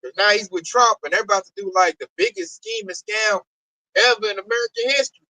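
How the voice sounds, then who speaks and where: A man's voice: high voice, sing-song, a little fast, gravelly, sharp tone, dry recording, distant mic, low-quality recording. A man hosting a religious discussion, ranting animatedly with lots of slang and repetition. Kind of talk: preachy religious talk.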